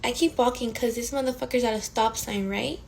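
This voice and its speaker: A woman in her twenties telling a storytime in a casual, animated way, swearing often and full of fillers. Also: a little high, a little fast, creaky, noisy background. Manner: profane, animated, frequent fillers.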